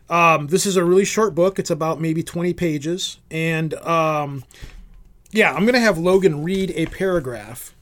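A man co-hosting a casual comedy podcast, teasing the others in quick banter. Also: on the high side, a bit bright. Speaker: podcast co-host.

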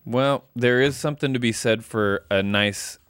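Smooth-voiced dry-witted male co-host. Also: medium pitch, moderate pace, a bit bright. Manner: dry, wry responses. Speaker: radio co-host. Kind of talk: casual on-air banter. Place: radio studio.

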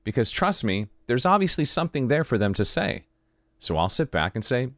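On his podcast, a male host speaks fairly quickly in a mid-range voice, recorded clean in the studio with no echo. His reflective late-night monologue turns animated as he plays out the dialogue he describes.

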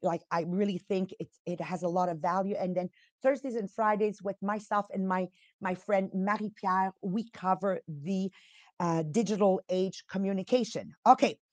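A woman's voice: medium pitch, normal speed, darkish tone, dry recording. A woman in her fifties from Montreal with an English accent that carries Italian and French traces, hosting a casual motivational podcast in a chatty, emphatic way and asking the audience questions. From Montreal, Quebec. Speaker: podcast host and entrepreneur.

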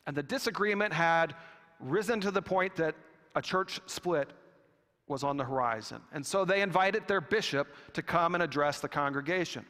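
A man preaching a sermon with a slow, deliberate delivery and long pauses. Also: on the high side, sharp tone. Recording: long reverb of a church hall.

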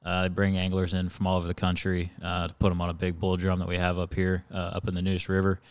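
A man, a charter boat captain, telling relaxed stories as a podcast guest, filling his talk with "uh" and short agreeing replies. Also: deep voice, fast, clean tone, dry recording. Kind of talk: casual podcast chat.

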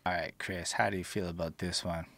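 A man's voice: sits low, level tone, a little fast, fairly bright tone, no room sound. A young man co-hosting a casual music review chat, rambling loosely with lots of filler words. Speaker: podcast co-host reviewing music.

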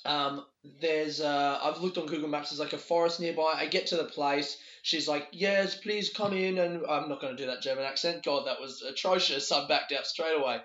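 Bright-voiced man rambling in an echoey room. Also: a little high, steady tone. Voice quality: sweary, rambling, quick laughs. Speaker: podcast host. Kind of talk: casual solo podcast storytelling. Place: a bedroom in a borrowed house. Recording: echoey room, dull lo-fi sound.

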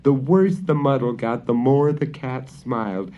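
A man reading a fairy tale aloud in an expressive, dramatic storybook style. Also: medium pitch, a little slow. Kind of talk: storybook narration. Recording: dull lo-fi recording.

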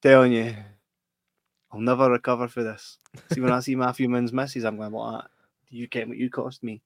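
A man's voice: medium pitch, flat delivery, fairly quick, no echo, clean studio sound. A middle-aged man with a Scottish accent, co-hosting a casual podcast chat and telling stories with plenty of laughs. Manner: chatty, laughing storyteller. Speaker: podcast co-host.

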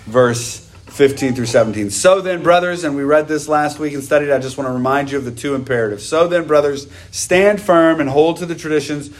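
A pastor delivers a sermon in a fairly high-pitched voice. He repeats key phrases for emphasis and draws out quoted scripture slowly. He puts questions to the congregation as he goes.

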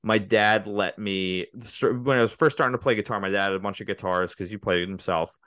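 A man's voice: fairly low pitch, fairly quick, a bit bright, no echo. A man co-hosting a casual movie podcast, rambling through the plot with many restarts and fillers. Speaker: podcast co-host.

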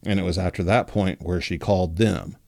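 A man hosting a podcast, telling a story in a relaxed, casual way with lots of filler words. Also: low voice, a little fast, creaky, dry recording, studio quality. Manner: relaxed, many fillers like 'like' and 'you know'. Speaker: podcast host.

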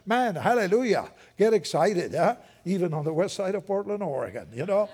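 An older man preaching a sermon in a lively, conversational way with joking asides. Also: high voice, normal speed, few pauses, husky.

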